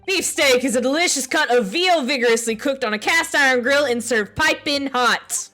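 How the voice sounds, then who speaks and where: A woman barking as a loud army sergeant. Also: high-pitched, normal speed, faint music behind. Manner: barking, shouted military commands.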